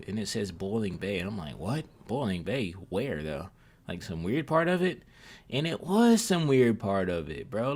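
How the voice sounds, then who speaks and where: A man's voice: medium pitch, slight background noise. A young man giving casual, profane, self-mocking commentary over his gameplay.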